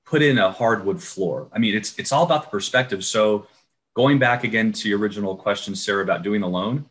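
A man giving a lively webinar talk on renovation loans over a video call, coaching his listeners and acting out client conversations. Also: on the low side, fairly quick. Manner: energetic, coaching, acts out client dialogue. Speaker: renovation loan trainer. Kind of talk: webinar presentation.

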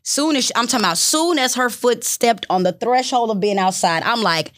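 Animated woman telling a story. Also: on the high side, brisk, hardly any pauses. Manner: animated storytelling, acting out quotes. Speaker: podcast co-host. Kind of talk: casual podcast chat.

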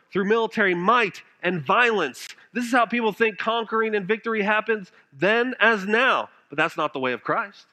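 A male pastor preaching a sermon, earnest and full of rhetorical questions, swinging from loud emphasis to hushed tones. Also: high voice.

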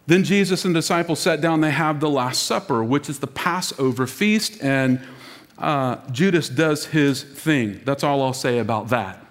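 A man preaching as lead pastor, dramatic, dropping to a hush for emphasis and acting out quoted voices. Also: a little high, measured pace. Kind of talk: sermon. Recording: long reverb of a large hall.

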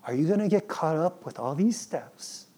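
A man in his thirties, a father, preaching a sermon in an animated, playful way and acting out his children's pleading. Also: fairly high pitch, normal speed, slightly rough. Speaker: pastor.

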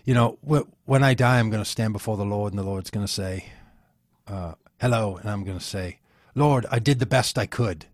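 A man's voice: lowish voice, normal speed, no room sound, clean studio sound, natural voice. A man putting on a shaky Scottish brogue for an old mentor. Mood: humble. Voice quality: self-admittedly poor Scottish brogue. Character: elderly Scottish male mentor, humble caregiver.

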